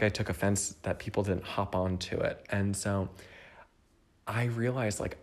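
A young adult man hosting a podcast from home, thinking aloud in a candid, rambling way and speaking straight to the listener. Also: on the low side. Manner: addresses the listener directly. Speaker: podcast host. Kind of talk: casual solo reflection.

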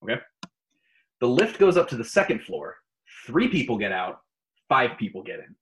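A man's voice: mid-range voice, moderate pace, poor audio. A man co-hosting a casual podcast, reading out riddles and running a playful tier-list segment. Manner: animated quiz-giver, playful. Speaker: podcast co-host.

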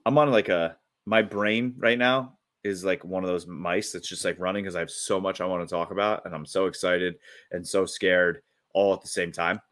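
A man co-hosting a casual sports podcast, excitable and rambling, often restarting his sentences. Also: deep voice, normal speed. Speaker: podcast co-host.

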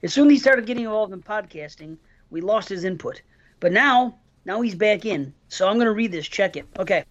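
A man's voice: high-pitched, lively intonation, fairly quick, lo-fi sound. A man hosting a casual podcast, reading listener mail aloud and chatting with his co-hosts. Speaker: podcast host.

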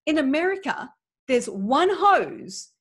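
A woman's voice: high-pitched, sing-song, takes it slowly. A woman in her forties from Australia with an Australian accent, hosting a podcast in a candid, chatty motivational monologue full of "like" and "right?". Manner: open, chatty, many "like" and "right?". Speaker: podcast host.

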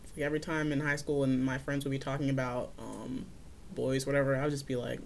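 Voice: medium pitch, level tone, fast, background noise. A podcast co-host in casual chat, laid-back and wry, often laughing and groaning.

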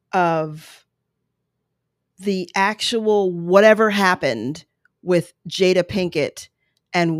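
A woman's voice: fairly low pitch, no room sound. An earnest woman talks her viewers through a clip, taking her time and swinging her voice up and down as she makes each point. She sounds emotional and a little apologetic, recorded dry and close with no room sound. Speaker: video commentator. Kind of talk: reaction commentary on a clip. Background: baby making noises.

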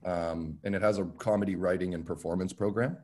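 A man, a comedian guest, chatting casually on a podcast and explaining things in a relaxed, rambling way. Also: sits low, brisk. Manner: relaxed, filler-heavy storytelling.

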